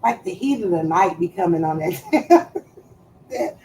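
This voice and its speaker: A woman chatting casually on a live stream, loud and playful, swearing freely and trailing off as she searches for words. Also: on the low side, very animated, a little slow, slight background noise, poor audio.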